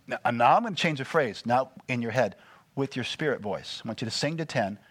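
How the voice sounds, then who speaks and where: A man preaching a sermon, animated and full of call-and-response questions to the congregation. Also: mid-range voice, a little fast, husky, dry recording. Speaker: pastor.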